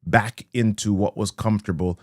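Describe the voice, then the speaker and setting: Low-voiced man giving a rhythmic motivational talk. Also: steady tone, moderate pace, dry recording, studio quality. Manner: rhythmic, repeats key lines, greets viewers. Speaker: motivational speaker. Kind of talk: live-streamed motivational talk.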